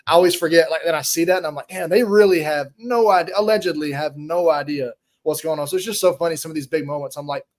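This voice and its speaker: A man's voice: fairly high pitch, fast talker, few pauses. A man co-hosting a live fan podcast, rambling in an amused, casual way with many fillers. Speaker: podcast co-host. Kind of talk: casual recap chat.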